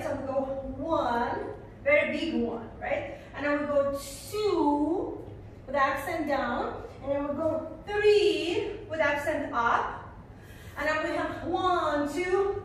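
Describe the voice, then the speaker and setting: Female dance teacher, unhurried, high voice, counts steps aloud; distant camera mic in an echoey room with faint noise. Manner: counts beats aloud and sings rhythm syllables. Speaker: belly dance instructor.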